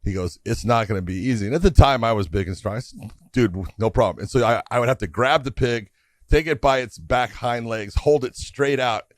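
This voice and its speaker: A middle-aged man co-hosting a podcast, telling a long story in a casual, animated way and acting out the voices of the people in it. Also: mid-range voice, fairly quick, no room sound, clean studio sound. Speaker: podcast co-host.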